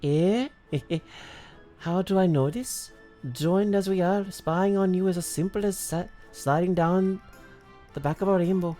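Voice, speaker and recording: A man's voice: high-pitched, mellow, pitched above the performer's own voice. A man voicing a doting, dramatic fairy royal with an attempted Scottish accent, reading theatrically over faint game music. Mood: doting, grand. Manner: theatrical, drawn-out reading with stumbles.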